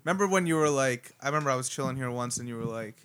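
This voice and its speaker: A man's voice: mid-range voice, lively intonation, racing, fairly bright tone, clean tone. A man on a podcast, bantering and teasing his friends with lots of swearing. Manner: joking, profane banter. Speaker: podcast co-host. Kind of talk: casual chat.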